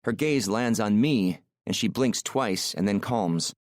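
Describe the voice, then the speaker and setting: A man narrating a romance audiobook in the first person, measured and intimate, on a close mic. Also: on the low side, lively intonation, no room sound.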